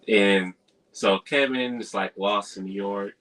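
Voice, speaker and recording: Bright-voiced man casually recapping a film. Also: lowish voice. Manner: slangy, chuckles often while recounting scenes. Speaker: movie reviewer, live stream host.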